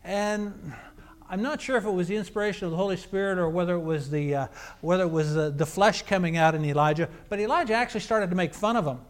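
A man's voice: high voice, fast. A man preaching a sermon, telling a scripture account in a conversational, storytelling way.

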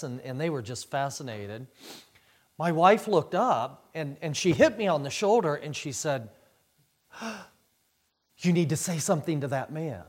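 A middle-aged man preaching a sermon, telling a personal story slowly and then building to loud, emphatic preaching. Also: on the high side.

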